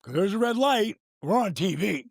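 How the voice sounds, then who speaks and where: An older man with a gravelly voice, animated and swearing freely as he tells a story in casual chat, acting out the quotes. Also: sits high, moderate pace, dry recording, studio quality. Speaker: guest.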